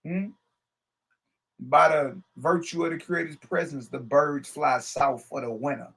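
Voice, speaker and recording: A man's voice: a little high, steady tone, measured pace, vocal fry, fairly bright tone, slightly rough. A man teaching a religious lesson, reading a scripture text aloud and breaking off into casual, laughing commentary that keeps asking "Hmm?" and "Huh?". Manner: laughs often while he talks.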